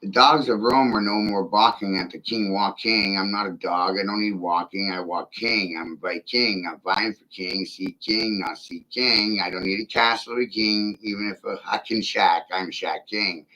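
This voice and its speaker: A man's voice: lowish voice, steady tone, normal speed, few pauses, pushed and bright, low-quality recording. A man delivering an insistent, profane spoken-word monologue built on chanted, repeating rhymes.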